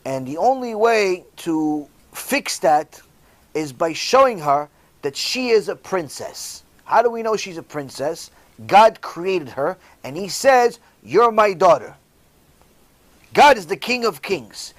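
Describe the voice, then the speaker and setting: A man with a high voice delivers an informal sermon as a rabbi. He tells stories and hammers his points home by repeating key phrases. The sound is dry and close. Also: sing-song, unhurried, dry recording.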